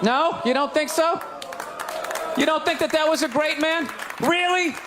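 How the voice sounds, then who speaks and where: A male stand-up comic rants at a crowd, his voice pitched very high as he fires off incredulous questions. He often shouts his punchlines. Crowd laughter and steady room noise fill the live recording. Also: a little slow. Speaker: stand-up comedian. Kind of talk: stand-up routine.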